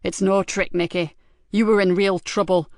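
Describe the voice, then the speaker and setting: A woman narrator voicing a gruff, loyal male police superintendent who speaks bluntly and firmly. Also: mid-range voice, flat delivery, normal speed, a little mellow, no echo, studio quality, lightly acted. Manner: blunt, firm.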